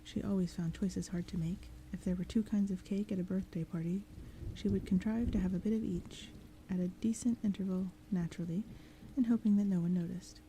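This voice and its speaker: A woman reading a story aloud in a gentle, calm, soft-spoken audiobook style, sometimes slipping into whispers. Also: mid-range voice, a little fast, few pauses, a little hiss or hum, rough recording. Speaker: audiobook reader. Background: thunderstorm sounds.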